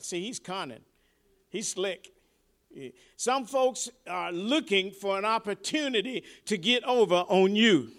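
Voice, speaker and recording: A man delivers a sermon in a high, lifted voice. He talks like he is chatting with the congregation, repeats himself as he gathers his thoughts, and swings from hushed asides up to shouted climaxes. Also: measured pace. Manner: preaching with sharp swings between soft asides and shouted climaxes; conversational, repeats words and restarts. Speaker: preacher.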